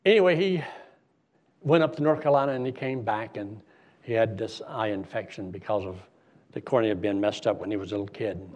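A man preaching a sermon as a lively story, acting out the voices of the people in it. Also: medium pitch, lo-fi sound. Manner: animated storyteller acting out dialogue.

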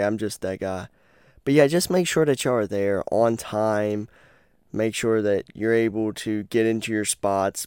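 A man's voice: fairly low pitch, darkish tone, smooth, dry recording, clean studio sound. A man rambling in a casual podcast while lying on his bed, swearing often and stumbling over his words. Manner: rambling, profane, frequently stutters and restarts. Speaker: podcast host. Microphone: headphones and corded mic.

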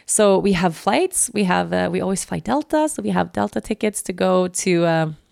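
A young adult woman hosting a podcast, telling a personal story in a chatty, animated way full of "like". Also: lowish voice, moderate pace, gravelly, no room sound, clean studio sound. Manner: chatty, animated, heavy use of "like". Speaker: podcast host. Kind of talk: casual storytelling monologue.

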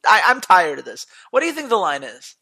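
Podcast co-host, casual and argumentative, very lively intonation. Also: mid-range voice, a little fast. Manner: animated, argumentative. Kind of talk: casual esports betting chat.

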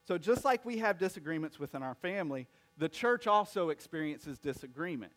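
A man's voice: on the high side, expressive, brisk, a bit bright. A male pastor telling a funny family story in a sermon, acting out the voices of his family.

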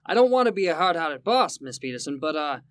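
An actor playing an exasperated, sarcastic boss in a 1940s radio sitcom, with a blustering delivery. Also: male voice, a little high, big pitch swings, quick pace, fairly bright tone, no echo, clean studio sound. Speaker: law office boss.

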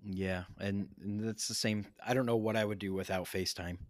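A man sharing quick, upbeat anecdotes in a casual chat. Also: fairly low pitch, fairly even intonation, dry recording.

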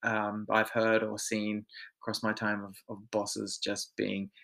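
A man's voice: lowish voice, monotone, slow pace, creaky, a bit bright. A man, co-hosting a podcast and telling work stories in casual chat, candid and swearing freely. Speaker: podcast co-host.

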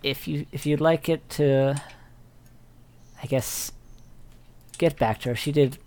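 A man voicing a confused, polite elderly woman in her sixties, speaking haltingly. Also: fairly high pitch, fairly even intonation, a little mellow. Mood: wistful hesitation. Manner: hesitant, polite, faltering.

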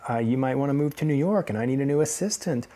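A woman's voice: rumbling low, expressive, quick pace, mellow, pitched above the performer's own voice. A man voicing a friendly, breezy woman hairdresser in a raised, upbeat voice.

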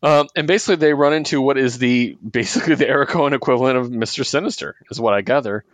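Talking fast in a mid-range voice with no room sound, this podcast co-host casually goes over comic books. He laughs a lot and performs the characters' dialogue as he recaps.

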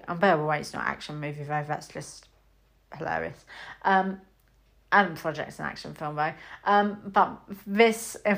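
A woman's voice: on the low side, fairly bright tone. A woman with a British accent giving a chatty, rambling film review, full of fillers and acted-out reactions. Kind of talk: casual spoken film review.

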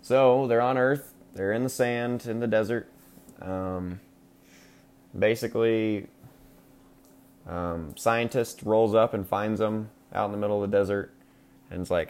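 A man with a very low voice recaps a film on his podcast. He rambles loosely, peppering his talk with ums and likes and swearing for laughs. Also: steady tone, a little slow, pauses often, a little mellow. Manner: rambling, crude and joking, with frequent fillers. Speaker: podcast host. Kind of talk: casual movie recap.

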